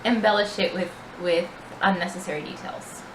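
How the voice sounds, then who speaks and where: A woman's voice: lowish voice, fairly even intonation, normal speed, a crowd in the background. Playful woman player, a bit distant. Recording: distant voice, echoey, noisy.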